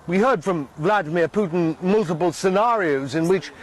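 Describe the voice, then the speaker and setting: A man giving a broadcast news report in a measured, formal way. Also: sits high. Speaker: news correspondent.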